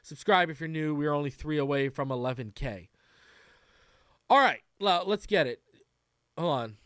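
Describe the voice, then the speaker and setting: A man hosting a casual livestream, loose and chatty as he greets viewers one after another. His voice sits fairly high for a man and comes through smooth and clear. The sound is dry and close, with no room around it. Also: moderate pace, a bit bright, no echo. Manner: frequent fillers and restarts. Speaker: podcast host.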